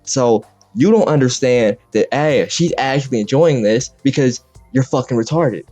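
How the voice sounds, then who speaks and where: A man's voice: medium pitch, moderate pace, darkish tone, no echo. A young man in a crude, exaggerated comedic rant, swearing often and jumping between voices. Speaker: content creator. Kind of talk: comedic rant over gameplay. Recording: dull lo-fi mic with faint music. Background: faint background music.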